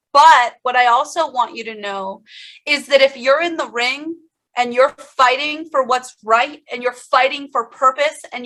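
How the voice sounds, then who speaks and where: A woman speaking to an audience as a keynote speaker, with a high voice. Her tone is bright and forceful, and she tells her story with passion, turning often to talk to the listeners directly. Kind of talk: motivational speech.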